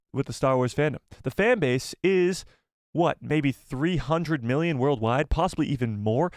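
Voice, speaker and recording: A man hosting a live fan show, chatting casually, reading donation messages and reacting with animated repeats. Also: mid-range voice, no echo, studio quality. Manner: animated, exclaiming, repeats himself.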